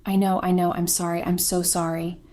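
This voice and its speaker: A woman voicing a desperate, tearful wife who pleads in a higher, breaking voice. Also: level tone, brisk, mellow, close to an everyday voice. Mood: pleading.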